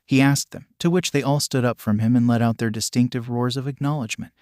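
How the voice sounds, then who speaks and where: A man narrating a fan-written story in a steady storytelling voice. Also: mid-range voice, fast talker, dry recording, studio quality. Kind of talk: reading a fan story aloud.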